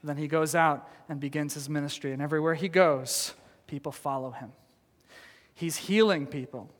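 Man, pastor, sermon, high voice, animated storytelling, long hall reverb. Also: moderate pace. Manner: animated storytelling with laughs and dramatic quotes.

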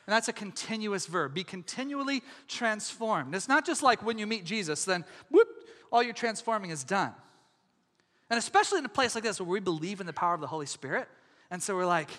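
A man preaching a sermon as pastor, in a lively, conversational way, often asking the congregation whether they follow. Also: sits high, a little fast, big-room sound. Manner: animated, conversational, asks audience questions.

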